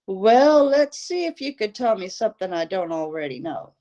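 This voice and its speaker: Woman reading a calm, guarded male biologist. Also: mid-range voice, muffled recording, close to an everyday voice. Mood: guarded, probing. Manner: smooth, measured questioning.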